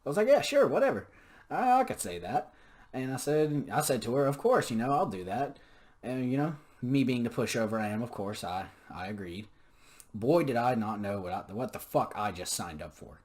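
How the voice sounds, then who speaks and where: A man's voice: mid-range voice, animated, moderate pace, darkish tone. A young man telling stories in a casual monologue, profane, sarcastic and ranting. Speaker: podcast storyteller.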